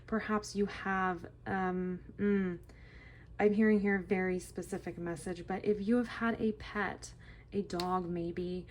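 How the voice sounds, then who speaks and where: A woman giving a casual, gentle tarot reading to her viewers, reassuring and repeating herself with frequent "okay?" checks. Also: lowish voice, fairly even intonation, unhurried, slight background noise. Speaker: tarot reader.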